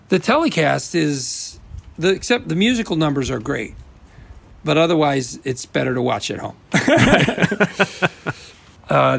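A man from the American Midwest with a gravelly, creaky voice that sits fairly high for a man. He chats casually as an interview guest. He rambles and restarts his sentences, sounding amused. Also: fairly bright tone. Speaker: actor guest.

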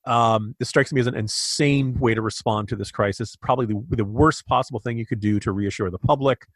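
A man's voice: mid-range voice, fairly quick, no echo, clean studio sound. A man co-hosting a podcast, giving opinionated political commentary with frequent restarts. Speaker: podcast co-host.

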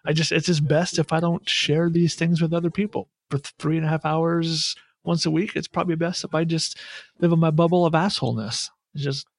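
Man, gravelly, slightly high voice, dry close sound, candid sports chat co-host. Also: steady tone, a little fast, no echo. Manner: candid, profane, self-deprecating. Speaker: podcast co-host.

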